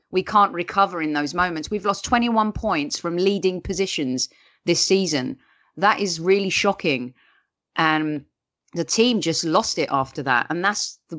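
Low-voiced earnest woman analyst. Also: a bit bright. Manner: earnest, thoughtful, restarts often. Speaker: football podcast panelist. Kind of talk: casual fan chat and analysis. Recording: dull lo-fi audio.

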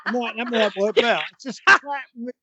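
A man's voice: very high voice, brisk, bright, forceful tone. A man co-hosting a football fan talk show, wry and joking, often laughing. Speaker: football podcast co-host. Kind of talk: casual fan chat. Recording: dull lo-fi audio.

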